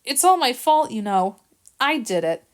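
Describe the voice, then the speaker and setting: Reading an audiobook, a woman voices Jill, an upset young kennel worker, sounding tearful and distressed. Her slightly high voice is pushed up, swings widely in pitch and moves at a moderate pace.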